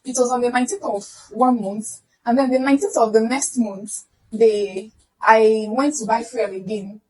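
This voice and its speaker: A woman's voice: a little high, moderate pace, rough recording. A young Nigerian woman telling a personal story to camera, acting out the voices of the people in it. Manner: animated, acts out voices in the retelling.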